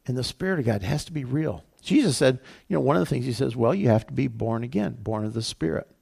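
Man, pastor, conversational sermon, gravelly voice, mid pitch. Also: lively intonation, quick pace, darkish tone. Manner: casual, conversational preaching with many fillers.

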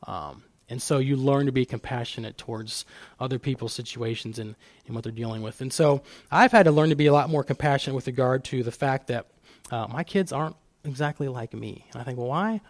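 With a mid-range voice, fairly quick delivery and no room sound, a middle-aged man addresses a church as guest speaker. He talks about fatherhood through personal stories, often restarting.

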